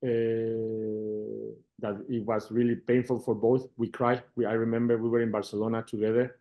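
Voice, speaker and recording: A middle-aged football manager with a Mexican Spanish accent and a lowish voice answers interview questions in halting English, heard through lo-fi sound. He repeats words and turns animated when recounting conversations.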